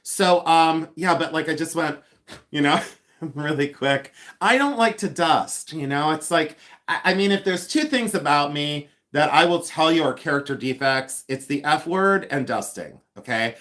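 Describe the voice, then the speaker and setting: A man's voice: on the high side, normal speed, fairly bright tone. Chatty man hosting a livestream. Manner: chatty and scattered, apologetic, many fillers. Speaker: livestream host, reseller. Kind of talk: casual livestream chat. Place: home, often moving around the house.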